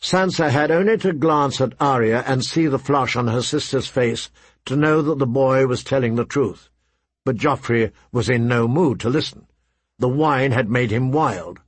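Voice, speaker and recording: Male audiobook narrator, husky, mid-pitched, dry close recording. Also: moderate pace, no echo.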